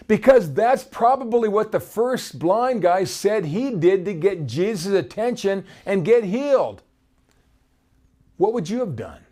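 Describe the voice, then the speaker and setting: Animated man teaching from the Bible. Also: high-pitched. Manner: animated, conversational, reads scripture aloud.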